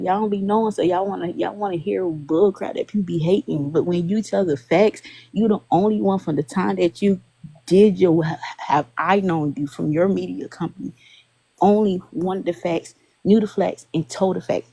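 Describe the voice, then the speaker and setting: A woman, a guest telling animated stories in casual chat and acting out what others said. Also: lowish voice, normal speed, vocal fry, breathy edge, no room sound, low-quality recording. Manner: animated, acts out quotes of others. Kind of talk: casual storytelling on a live stream.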